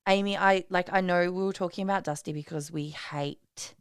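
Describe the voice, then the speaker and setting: A woman's voice: fairly low pitch, fairly even intonation, normal speed, clear, resonant tone, dry recording, clean studio sound. A woman co-hosting a podcast, chatting casually with blunt, crude humour and heavy swearing. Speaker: podcast co-host. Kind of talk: casual chat.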